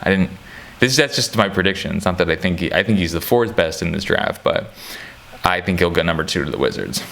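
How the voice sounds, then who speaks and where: A man's voice: sits low, animated, a little fast, gravelly, fairly bright tone. A man giving casual, rambling basketball commentary, joking and restarting often, with many fillers. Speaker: sports commentator. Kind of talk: casual chat.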